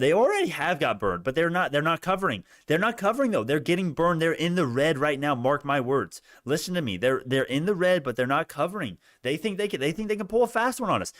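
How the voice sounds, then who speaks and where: A young man giving animated live commentary on stock prices, laughing and repeating himself, his voice worn out. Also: fairly high pitch, dry recording, studio quality. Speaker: stock market streamer. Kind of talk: excited live market commentary.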